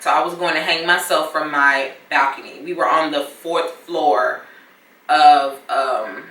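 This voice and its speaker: A young woman shares a personal story on her vlog, candid and reflective, slipping into casual slang. Her voice is lowish but bright and forward. She sits back from the mic in a room with a noticeable echo. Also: recorded from a distance. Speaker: vlogger.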